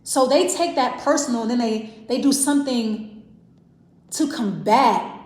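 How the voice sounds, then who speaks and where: A woman's voice: fairly high pitch, a little slow, darkish tone. Woman reading tarot in an echoey room. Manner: rambling, thinking aloud with restarts and self-repeats. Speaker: tarot reader. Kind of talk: casual tarot reading to camera.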